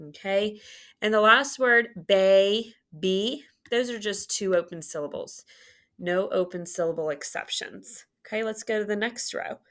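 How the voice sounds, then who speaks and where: In a mid-pitched, slightly bright voice, a woman works through a phonics lesson, patiently drawing out syllables and words in slow, careful enunciation.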